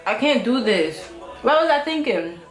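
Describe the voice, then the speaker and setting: A woman's voice: fairly high pitch, sing-song, moderate pace, reverberant, soft background music. A young woman vlogging a food challenge at home, laughing and screaming at the heat. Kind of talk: casual food challenge vlog.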